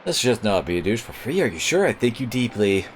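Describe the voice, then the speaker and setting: A polite young noblewoman speaks gently and formally, as a man reads her lines. The pitch is lively, and faint game music plays behind. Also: a little fast, natural voice, rough recording. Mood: gentle.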